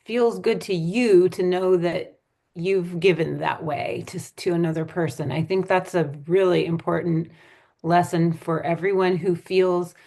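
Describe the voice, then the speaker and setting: A woman hosting an interview as a spirit medium, speaking in a thoughtful, affirming and measured way. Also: fairly low pitch, steady tone, gravelly, dark tone.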